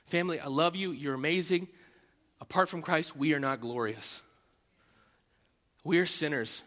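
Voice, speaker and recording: A man preaching a sermon from the pulpit, his voice pitched high and edged with a bright, forceful tone. He pushes hard on key points, then pulls back to near-hushed, personal asides. A long hall reverb trails every phrase. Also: normal speed. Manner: swings between loud emphatic preaching and quiet intimate asides. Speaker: pastor.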